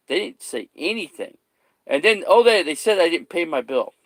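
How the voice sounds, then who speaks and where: A man's voice: a little high, very animated, moderate pace, dry recording. A man talking casually to his camera, rambling, swearing and repeating himself as he gets worked up. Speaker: vlogger.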